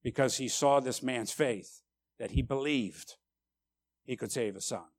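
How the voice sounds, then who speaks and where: A man preaching a sermon, emphatic, tagging lines with "right?" and swinging between loud and quiet. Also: medium pitch, measured pace. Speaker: pastor.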